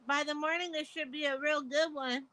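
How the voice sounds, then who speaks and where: A middle-aged woman calls in as a guest on a live stream, chatting casually over video. Her high voice is pushed and bright with fairly even intonation at normal speed on a dry recording, and she rambles through stories, laughing often and swearing freely.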